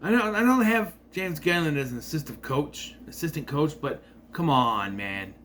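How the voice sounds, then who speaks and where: A man's voice: a little high, animated, moderate pace, fairly bright tone, a little hiss or hum. A man giving a casual, rambling movie review with sarcastic asides.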